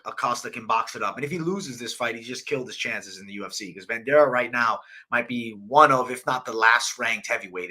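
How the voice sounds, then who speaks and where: Brief: young male host, bright tense tone, loose profane chat about fight picks. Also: medium pitch. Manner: casual, profane, slangy. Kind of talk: live fight betting breakdown.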